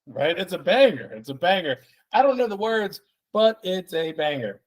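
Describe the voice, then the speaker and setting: A man's voice: high-pitched, big pitch swings, moderate pace, lo-fi sound. A man hosting a solo podcast, rambling and joking with plenty of swearing, a bit tipsy from the beers. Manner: rambling, profane, jokey. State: tipsy from drinking beer. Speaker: podcast host. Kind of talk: solo casual podcast rant.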